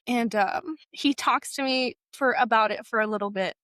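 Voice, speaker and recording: A young woman sharing a painful personal story, halting and emotional, with frequent fillers. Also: on the high side, a bit bright, no echo, studio quality. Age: young adult.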